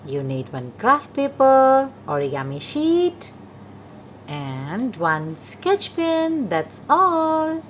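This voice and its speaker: A woman calmly guiding children through a paper-folding craft step by step, repeating each instruction. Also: high voice, very slow, a little hiss or hum. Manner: patient, repetitive instructions to children. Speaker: craft teacher.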